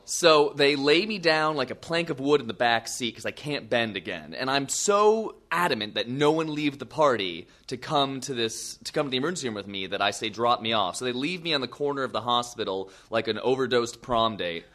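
A young man with a middle-pitched voice tells an embarrassing tale to a crowd. He is self-mocking and animated, breaking off for quick asides. His delivery is loose, personal and comic. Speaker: storyteller. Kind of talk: live comic storytelling.

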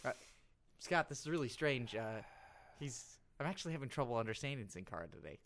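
A man co-hosting a comedy podcast, playing a faux-serious interviewer with a deadpan delivery and many hesitant fillers. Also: mid-range voice, a little fast, slight background noise. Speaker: podcast co-host. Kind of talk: comedic mock interview and banter.

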